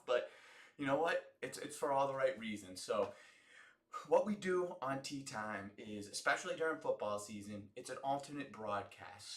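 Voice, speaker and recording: Excitable, profane American male host. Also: medium pitch, reverberant. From United States. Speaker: host of an alternate sports broadcast. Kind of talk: live football watch-along commentary.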